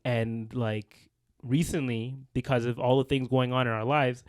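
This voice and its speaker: A laid-back man co-hosting a podcast, chatting in a relaxed, rambling way with easy laughter. His voice sits at an ordinary middle pitch. The sound is close and dry, with no room echo. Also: a little slow. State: feeling hot. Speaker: podcast co-host. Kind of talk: casual chat. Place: small room with lights and camera.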